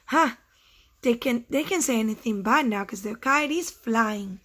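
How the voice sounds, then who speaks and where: A first grade teacher reading a story aloud to her class. She reads slowly and pauses to explain and ask the children questions. Her voice sits fairly high. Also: expressive, fairly bright tone.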